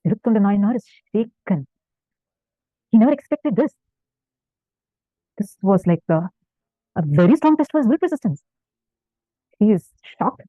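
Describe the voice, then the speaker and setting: A woman's voice: mid-range voice, dry recording. A woman spiritual teacher telling a devotional story in a sermon, earnest and fervent, repeating points for emphasis. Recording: tinny phone-like dry sound.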